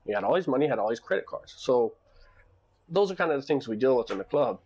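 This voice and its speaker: The recording has a lo-fi quality, and the man's mid-range voice is quick and slightly rough. As a nightclub owner recounting job stories for a casual vlog, he rambles, starts over, drifts into long asides, and grows animated acting out arguments.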